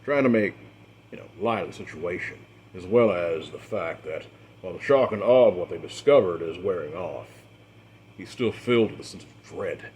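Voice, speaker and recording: A man acting as game master, narrating a tabletop role-play story in a measured, dramatic way with the odd filler. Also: low voice, expressive, darkish tone, slight background noise.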